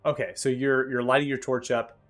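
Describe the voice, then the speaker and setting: A man acting as game master, calmly narrating the action and explaining rules step by step. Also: mid-range voice, a little fast, faint music behind. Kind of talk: narrating and ruling a tabletop game.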